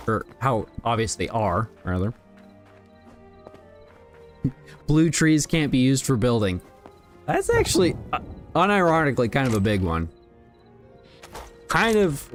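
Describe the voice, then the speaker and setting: A man chatting casually on a game livestream, rambling and relaxed as he talks to his viewers while playing. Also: on the low side. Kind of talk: casual gaming livestream chat.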